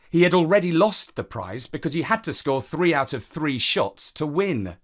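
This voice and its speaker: A man narrating a children's story in a measured, expressive reading. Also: medium pitch.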